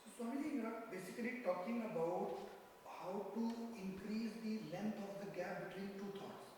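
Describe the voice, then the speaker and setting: Man, student question, high voice, distant in an echoey hall. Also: moderate pace, darkish tone, a little hiss or hum.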